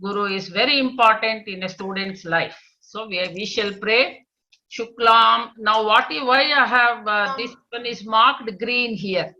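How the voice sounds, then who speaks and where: A woman teacher leads an online children's class over a dull, lo-fi call. Her voice is bright and fairly high. She patiently repeats answers, praises often, and chants verses slowly for the pupils to echo. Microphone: video call.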